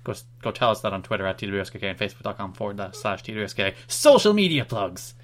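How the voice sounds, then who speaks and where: A man's voice: lowish voice, sing-song, fast, fairly bright tone. A man co-hosting a casual podcast, chiming in with dry teasing quips. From Ireland. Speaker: podcast co-host.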